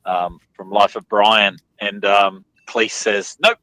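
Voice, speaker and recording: A man's voice: on the low side, little pitch movement, slow, pushed and bright, no echo, poor audio. A man chatting playfully on a livestream, often breaking into bits of song. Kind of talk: casual livestream chat.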